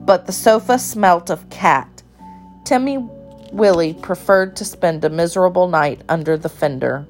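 A woman reading a children's story aloud in a calm, even storytelling manner. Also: fairly low pitch, a little slow, soft background music.

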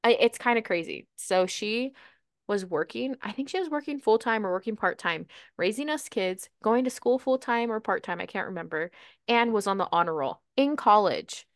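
A woman co-hosting a casual podcast chat, talking in a chatty, animated way with frequent "like"s. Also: mid-range voice, normal speed, dry recording, studio quality. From Latina, grew up bilingual in Spanish and English. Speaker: podcast co-host.

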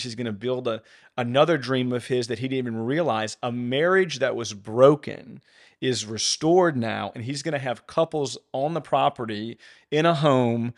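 A man co-hosting a faith podcast, talking with fervent, rising emphasis. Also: mid-range voice. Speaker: podcast co-host.

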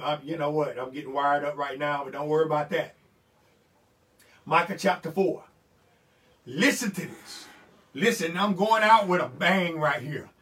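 A man preaching a sermon, repeating lines and building to shouted fervor. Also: high-pitched, far from the mic.

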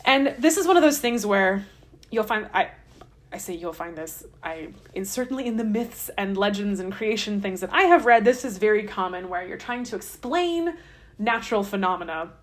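Speaking at normal speed with an expressive, medium-pitched voice, a woman podcast host gives a casual comic retelling of scripture. Her delivery is chatty and irreverent, sprinkled with wry remarks.

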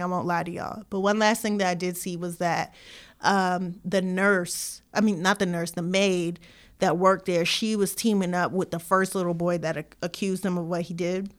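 A woman co-hosting a podcast, casually retelling a documentary in a rambling, animated way full of slang. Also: lowish voice. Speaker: podcast co-host. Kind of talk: casual chat.

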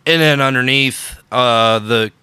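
A man talks through his political opinions on a podcast, sarcastic and emphatic, repeating his points for weight. His voice is bright and forceful, recorded close and dry with no room sound. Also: mid-range voice, a little slow, clean tone, no echo. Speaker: podcast host. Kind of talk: unscripted political commentary.

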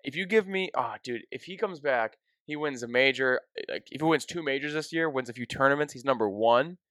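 A young man hosting a podcast, telling an emotional story in a casual, excitable way, full of "dude" and "like.". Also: medium pitch, fairly quick, no echo. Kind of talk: casual chat.

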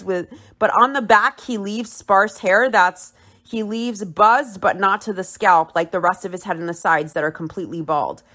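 A woman with a bright, medium-pitched voice and forceful tone hosts a podcast recapping and commenting on a reality show. She's blunt and opinionated and swears freely.

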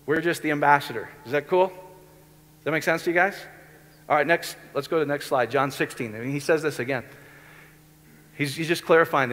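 A man with a fairly high voice preaches a sermon, talking to the room like a conversation and often asking whether his listeners are following. The sound carries a long reverb from a large hall around him. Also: a little fast, a bit bright. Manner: conversational, keeps checking in with the audience. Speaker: pastor.

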